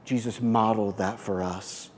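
A man preaching a sermon, emphatic, swinging from loud exclamations to soft, quiet asides. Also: lowish voice, steady tone, moderate pace, long reverb tail, slight background noise. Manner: emphatic, rising loud then dropping soft. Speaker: pastor.

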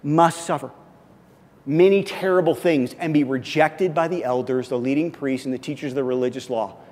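A male pastor preaching a sermon, moving from loud, punchy emphasis to quiet, earnest intensity. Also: mid-range voice, normal speed. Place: church sanctuary. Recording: long church reverb.

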